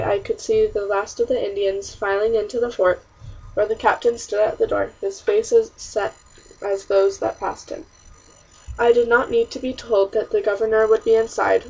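A woman narrating a first-person historical story in an expressive, diary-like reading with a husky voice. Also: a little high. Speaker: audiobook narrator. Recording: distant, muffled audiobook recording.

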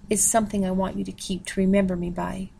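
A woman reading aloud, voicing a gentle, refined older rich woman who speaks softly. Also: mid-range voice, flat delivery, fast talker, gravelly, breathy edge. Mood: gentle, sad. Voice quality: soft, genteel.

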